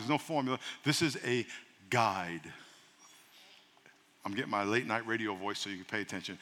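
A male pastor delivers an energetic, humorous sermon and keeps drawing responses from his congregation. His voice sits high for a man and sounds bright and forceful. It rings out through the long reverb of a church hall.

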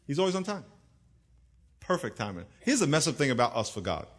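A middle-aged male pastor preaching a sermon in an animated, humorous way, calling on the congregation to answer back. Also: medium pitch, brisk.

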